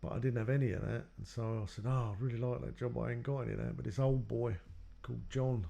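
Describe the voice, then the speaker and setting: A man's voice: medium pitch, fairly even intonation, quick pace, creaky, mellow, muffled recording. A man telling his own life story in a loose, rambling way, acting out what others said to him. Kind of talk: personal storytelling.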